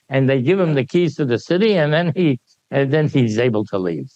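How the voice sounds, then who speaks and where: An older man sharing memories with an audience in animated anecdotal storytelling, often laughing and acting out the dialogue. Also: mid-range voice, normal speed, no room sound. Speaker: speaker sharing memories at a gathering. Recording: dull, dry lo-fi recording.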